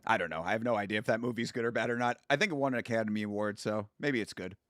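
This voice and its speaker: A man hosting a watch-along from home, chatting casually, rambling, laughing at his own jokes and sometimes bursting out loud. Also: fairly low pitch, racing, no room sound, studio quality. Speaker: YouTube host doing a watch-along. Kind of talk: casual live commentary.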